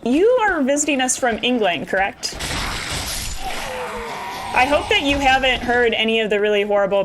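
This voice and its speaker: A woman's voice: medium pitch, fairly bright tone, slight background noise. A woman game streamer chatting with her viewers, giggly and talkative, answering chat while she plays. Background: video game music.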